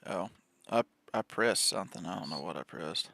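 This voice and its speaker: A man in casual chat while drawing on stream, relaxed and muttering to himself as he works. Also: sits low, normal speed, gravelly, dry recording.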